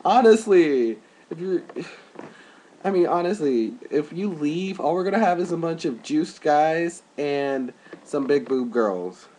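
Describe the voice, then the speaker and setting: A man's voice: a little high, a little slow, dark tone, a little hiss or hum. Rambling young man on a webcam. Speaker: vlogger. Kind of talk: casual chat.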